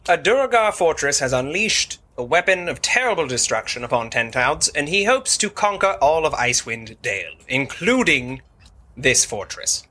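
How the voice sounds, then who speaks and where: A polite elf adventurer, played by a man speaks formally and carefully. His voice is bright and a little husky, with a lively pitch. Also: heavily acted. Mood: earnest. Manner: formal, measured.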